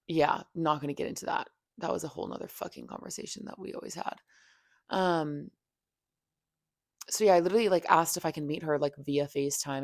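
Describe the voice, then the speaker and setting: A woman's voice: deep voice, vocal fry, no room sound, clean studio sound. A young woman hosting a podcast, telling a personal story in a candid, venting way with lots of filler words and swearing. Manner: heavy "like" fillers, profane, venting. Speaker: podcast host.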